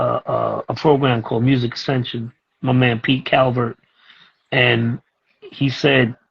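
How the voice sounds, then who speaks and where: A middle-aged man, a music producer and teacher talking as a guest in a casual interview, telling animated stories and acting out what others said. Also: medium pitch, gravelly, husky, muffled recording. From Brooklyn, New York. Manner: animated, acts out other people's lines as he tells a story.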